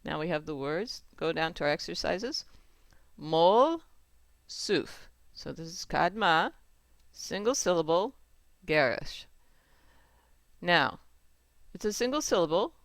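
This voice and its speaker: A teacher calmly explaining Torah chanting marks, repeating each rule and checking in with the learner. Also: medium pitch, measured pace, creaky, pauses often, no echo. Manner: patient, repeats rules and checks with "right?". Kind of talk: step-by-step lesson with sung examples.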